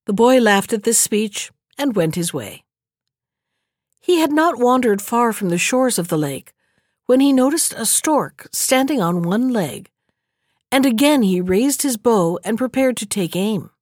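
A woman narrating a fairy tale audiobook in a steady, measured storytelling manner. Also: fairly high pitch, no echo, clean studio sound.

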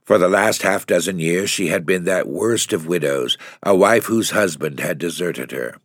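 A man narrating a classic novel as an audiobook in a measured, even storytelling voice. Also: deep voice, no room sound, studio quality. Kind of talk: scripted narration.

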